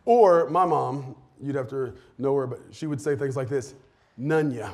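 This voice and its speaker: A man's voice: medium pitch, unhurried, darkish tone. Chatty man preaching. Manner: chatty, laughs often, acts out quotes. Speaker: pastor. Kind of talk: sermon.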